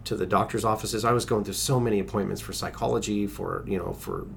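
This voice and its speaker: A man's voice: lowish voice, steady tone, quick pace, creaky, slight background noise. A middle-aged man recounting a personal story as an interview guest, earnest, with restarts and acted-out quotes.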